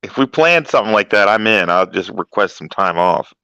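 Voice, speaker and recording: A man with a low voice and a sharp, forceful tone, close and dry. He chips in with short, agreeable replies during a relaxed chat. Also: fairly quick, clear, resonant tone, dry recording, low-quality recording. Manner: brief backchannel replies. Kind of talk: casual chat.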